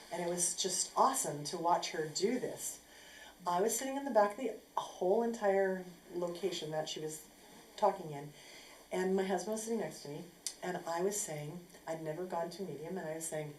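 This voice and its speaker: A woman telling a personal story casually, acting out what people said in an animated way. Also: on the low side, a little fast. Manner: animated, acts out quotes. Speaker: speaker sharing a personal story. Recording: echoey room with faint noise.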